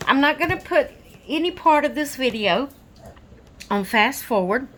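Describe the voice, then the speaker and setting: A woman chatting casually in a crafting vlog at home, a little out of breath, rambling in a relaxed way. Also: on the high side, unhurried. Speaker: crafting vlogger. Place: home with dogs, rainy day.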